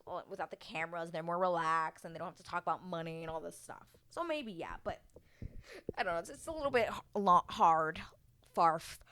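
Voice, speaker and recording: A woman giving a casual TV recap, chatty and expressive, who swears freely and acts out what people said. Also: lowish voice, clear, resonant tone, no room sound. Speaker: TV recap vlogger. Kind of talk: casual reality-show recap.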